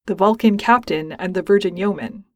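A woman voicing a reserved adult male alien officer with measured, restrained delivery. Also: mid-range voice, dry recording, studio quality, close to an everyday voice.

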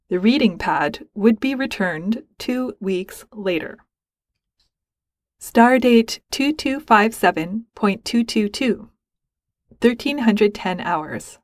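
A woman reading a science fiction fan story aloud, with even, steady storytelling. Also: mid-range voice, dry recording, studio quality. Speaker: narrator.

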